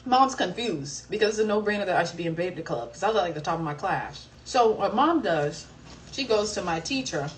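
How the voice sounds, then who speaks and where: A livestream co-host in her twenties tells a school story in a chatty, self-mocking way, animated and a little fast. Her fairly low voice sits far back from the phone mic, so the audio is poor.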